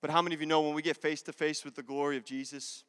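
High smooth-voiced guy preaching, lots of repeats, echoing church hall. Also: level tone, very fast, fairly bright tone. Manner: impassioned, repetitive preaching with acted-out prayers. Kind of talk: sermon. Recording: long hall reverb.

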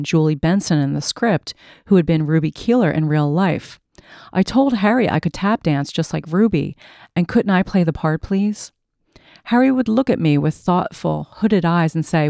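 A woman narrating her memoir as an audiobook in a wry, measured storytelling manner. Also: deep voice, gravelly, warm tone, no echo, clean studio sound.

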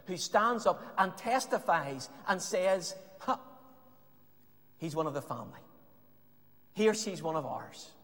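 A man preaching a sermon with impassioned, emphatic lines that sometimes drop to a hush. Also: fairly high pitch. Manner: impassioned preaching, rising emphatic lines, some hushed passages. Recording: long reverb of a hall.

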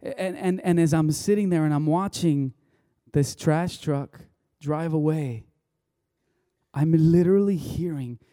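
A man delivers a sermon as a rambling, conversational story, stopping and restarting his sentences. His voice sits a little high but sounds deeply mellow and warm. The recording is close and dry, with no room sound. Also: slow pace, dry recording. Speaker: pastor.

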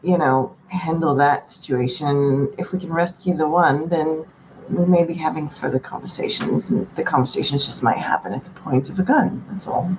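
A woman playing a tabletop game, speaking in a measured, quietly threatening manner. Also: low voice, muffled recording, noisy background. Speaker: player.

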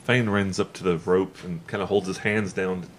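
Low easygoing male player. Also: fairly even intonation, brisk. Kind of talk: casual tabletop play. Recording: faint background noise.

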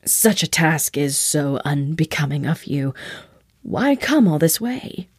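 A woman voicing a flustered male hornet-man official who speaks in a hushed, deferential way. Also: low-pitched, animated, slow, slightly rough, no echo, clean studio sound, heavily acted. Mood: nervous.

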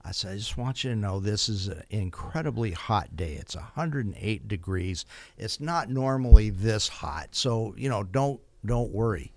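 A man's voice: fairly low pitch, expressive, moderate pace, darkish tone, no echo. Easygoing male radio host, dry mic. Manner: easygoing, jokey, tells anecdotes. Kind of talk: casual radio interview.

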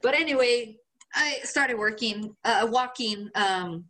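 A woman with a slightly high voice speaks at a slow pace. She's co-hosting a podcast and telling a story in loose, profane chatter, animatedly acting out what people said.

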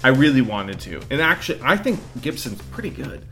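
A woman's voice: a bass voice, very animated, fairly quick, over music. A woman co-hosting a podcast in casual chat, rambling and hesitant, with many restarts. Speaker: podcast co-host.

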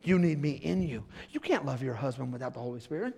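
A middle-aged male pastor preaching a sermon in a church, dropping to a hush and then building to shouts, laughing along with the congregation. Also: medium pitch, expressive, quick pace, gravelly, slightly rough. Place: church sanctuary.

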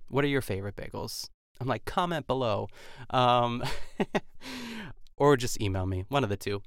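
A man hosts a casual podcast recap and talks in a rambling, chatty way full of fillers. His lowish voice has a gravelly edge. He is recorded dry on a close home mic, with faint music underneath. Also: a bit bright, dry recording. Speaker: podcast host.

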